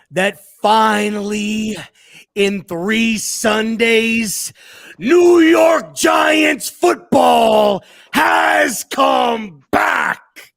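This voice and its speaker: Male co-host, booming announcer-style intro, lively pitch, dry close sound. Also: creaky, no room sound.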